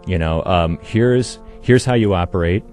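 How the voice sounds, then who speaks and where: Deep-voiced man, hesitant and thoughtful. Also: moderate pace, darkish tone, faint music behind. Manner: hesitant, thoughtful, with many ums. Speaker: interview guest. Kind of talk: personal interview recollection.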